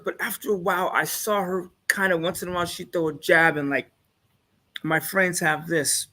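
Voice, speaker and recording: A man's voice: high-pitched, sharp tone. A man chatting casually as a guest on a live talk show, boastful and laid-back, laughing at his own jokes. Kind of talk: casual chat, storytelling.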